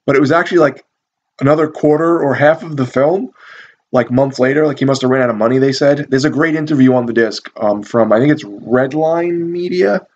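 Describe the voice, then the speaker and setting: A man chatting through a movie review in a loose, rambling way, full of ums and likes and the odd curse. His voice sits at an ordinary middle pitch. The recording is a bit dull and lo-fi. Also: a little fast, darkish tone. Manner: rambling, profane, amused, many fillers. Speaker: video reviewer. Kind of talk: casual movie review talk.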